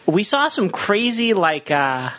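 A man on a comedy podcast describing something clumsily, halting and searching for words. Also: high voice, big pitch swings, fairly bright tone. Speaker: podcast co-host. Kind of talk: casual comedy podcast banter.

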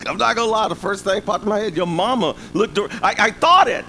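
High bright-voiced guy preaching, lively and jokey, bit of noise behind. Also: brisk, creaky, rough recording. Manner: animated, humorous, call-and-response asides. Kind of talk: sermon.

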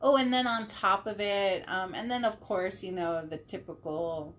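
A woman's voice: mid-range voice, normal speed, a bit bright. A woman in her thirties chatting casually about home cooking, laughing often and swearing now and then. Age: 30s. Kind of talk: casual chat.

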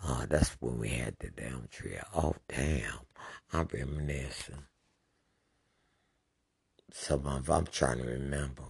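A man with an extremely deep, gravelly voice tells old stories in a loose, profane way. His pitch swings widely as he acts out noises. The husky sound is close and dry. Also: slow, pauses often, dry recording. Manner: animated, swears freely, acts out sounds. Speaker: storyteller. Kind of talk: casual profane reminiscing.

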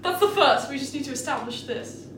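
Brief: high-pitched female player, cautious and questioning, distant mic with background noise. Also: expressive, fairly quick, fairly bright tone, echoey room. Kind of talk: tabletop game play.

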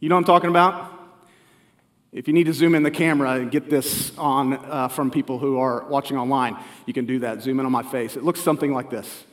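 A man's voice: medium pitch, steady tone, a little fast. Preaching man in a reverberant church. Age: 40s. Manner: earnest, conversational preaching with rhetorical questions to the congregation. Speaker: family pastor. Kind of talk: sermon. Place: church sanctuary. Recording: live church recording with long hall reverb.

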